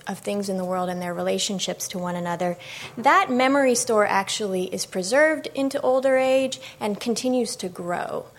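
Woman clinician giving a talk, slight vocal fry, chatty lecture manner. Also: mid-range voice. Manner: many ums, conversational explaining. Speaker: speech-language pathologist. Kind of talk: public lecture.

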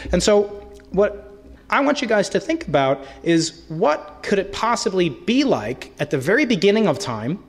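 A middle-aged man, an astrophysicist, giving a public science lecture, animated and joking with frequent restarts. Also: fairly high pitch. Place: lecture hall. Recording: long reverb of a lecture hall.

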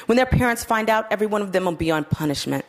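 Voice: medium pitch, flat delivery, measured pace, mellow, lightly acted. A reader voicing a stern woman troop leader who speaks in a clipped, scolding way. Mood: angry.

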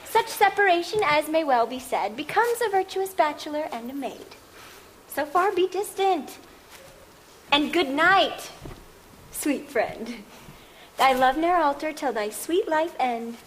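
A woman playing an earnest, devoted young noblewoman in a Shakespeare reading, delivering the verse in a measured way. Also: high-pitched, animated, slight background noise, voice pushed down. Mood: tender.

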